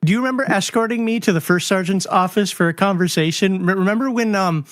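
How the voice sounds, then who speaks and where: A man in his fifties hosting an interview, telling old service stories in a casual, animated way, laughing and swearing freely. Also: sits high, quick pace. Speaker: host.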